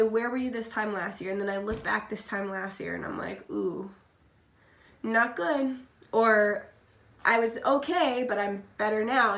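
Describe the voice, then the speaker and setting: Sick and coughing now and then, a woman with a fairly high-pitched, fairly bright voice does a laid-back tarot reading, blunt, talkative, and swearing freely. The recording has an echoey room sound and faint background noise.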